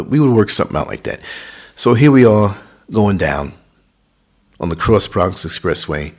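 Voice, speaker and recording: A man talks casually to his podcast audience and tells personal stories in a reflective way. His voice sits on the low side and has a husky texture. He gets animated when a memory comes back to him. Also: normal speed, pauses often. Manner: reflective storytelling, animated on recalled moments. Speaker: podcast host. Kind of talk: casual monologue.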